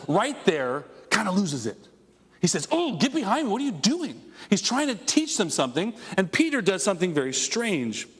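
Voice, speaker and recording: A man's voice: mid-range voice, big-room sound. A man preaching a conversational sermon as a pastor, asking his congregation rhetorical questions. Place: church sanctuary.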